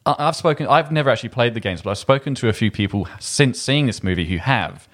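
Guy talking movies, lively ups and downs, trips over his words a bit. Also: medium pitch. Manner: animated, quick bursts, frequent restarts. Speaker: film review podcast host. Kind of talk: casual film discussion.

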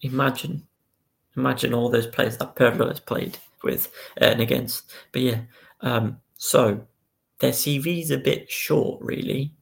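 A man's voice: medium pitch, steady tone, unhurried, gravelly. A man co-hosting a casual football podcast, recounting the news step by step and reading out statements. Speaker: podcast co-host.

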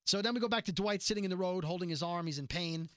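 This is a man with a high voice, recorded dry. As a podcast host, he chats loosely through a TV episode recap, bringing quoted lines to life with quick, animated voices.

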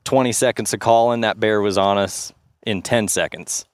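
A man guesting on a podcast, telling a story in a vivid, measured way. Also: lowish voice, fairly even intonation, no echo, clean studio sound. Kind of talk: casual storytelling chat.

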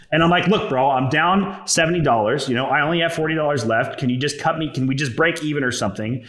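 A young man with a slightly high-pitched voice tells his personal story bluntly, swearing freely and filling his speech with casual asides. The sound is roomy, with a noticeable echo. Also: a bit bright. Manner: profane, blunt, conversational, peppered with "like" and "right?". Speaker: entrepreneur telling his story.

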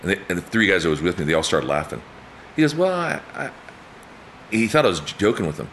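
Racing through his stories, this fifty-something male guest keeps the casual chat lively, voicing quotes with big leaps in pitch and frequently laughing. Slight background noise can be heard.

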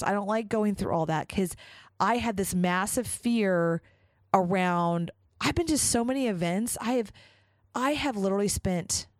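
A woman with a mid-range voice hosts her own podcast, recorded without echo. Her casual solo monologue is chatty and enthusiastic, sprinkled with lots of casual fillers.

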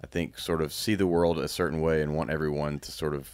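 A man in his thirties talking candidly as a guest, reflective and halting, with frequent restarts. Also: rumbling low, flat delivery, a little mellow. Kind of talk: candid personal conversation.

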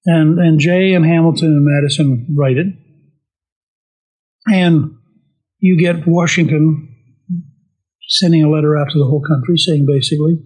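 A man's voice: fairly high pitch, normal speed, pauses often, breathy edge, poor audio. A man telling a history story in casual talk, often quoting the historical figures he describes. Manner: animated, quotes historical figures in brief voices. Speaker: speaker on history.

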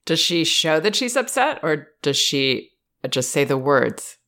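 A woman host giving parenting advice in a calm, measured, reassuring way. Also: low-pitched. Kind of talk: advice consultation.

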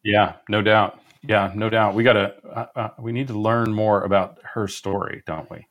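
Laid-back male co-host, lowish voice. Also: steady tone, moderate pace, muffled recording. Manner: laid-back, wry asides. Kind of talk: casual chat.

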